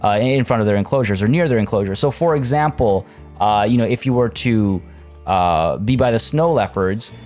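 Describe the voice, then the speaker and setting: A man's voice: fairly low pitch, moderate pace, darkish tone, faint music behind. A man talking casually as a gaming YouTuber over a let's play, chatty and rambling with many fillers.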